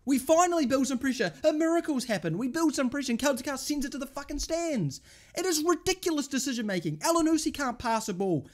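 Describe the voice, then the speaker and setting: A woman fan tears into her team's management in an angry, swearing rant. Her voice sits a little high for a woman and swings widely up and down as she goes from stunned disbelief to shouting. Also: lively intonation, fast. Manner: exasperated, swearing, ranting. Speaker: football fan channel host.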